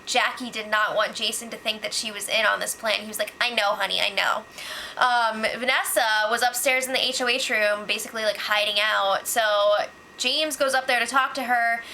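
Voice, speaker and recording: A woman's voice: a little high, pushed and bright, slight background noise, poor audio. A young woman casually recapping reality show gossip, sarcastic and full of "like" and "um". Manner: chatty, sarcastic, lots of "like" and "um".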